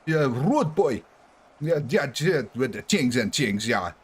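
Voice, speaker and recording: A swaggering, laid-back man drawling in a mock Jamaican accent, as a man puts him on. He repeats himself loosely and sits a bit higher than a natural speaking pitch. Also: very animated, unhurried, slightly rough.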